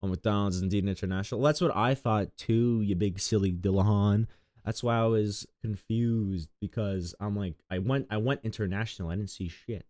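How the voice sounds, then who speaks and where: A man's voice: normal speed, darkish tone, no room sound, clean studio sound. A young man from Long Island chatting casually and crudely on a game stream, rambling through jokes and tangents. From Long Island, New York. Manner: rambling, crude, jokey, with sudden high outbursts.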